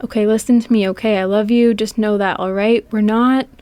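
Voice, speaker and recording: A woman's voice: medium pitch, steady tone, fairly quick, mellow, no room sound, lightly acted. A woman reading as a pleading husband. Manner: pleading, reassuring. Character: male movie star pleading with his wife.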